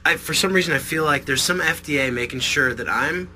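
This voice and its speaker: A man's voice: on the high side, brisk, bright, forceful tone, slight background noise. A man hosting a podcast interview, enthusiastic and casually profane as he praises his guests. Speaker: podcast host. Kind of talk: interview chat.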